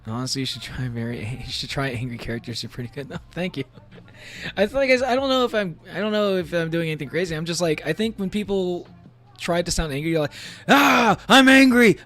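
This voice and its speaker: A man streaming from home, chatting casually while he plays, rambling and laughing often between thoughts. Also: fairly high pitch. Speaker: VTuber streamer. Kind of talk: casual live-stream chat while gaming.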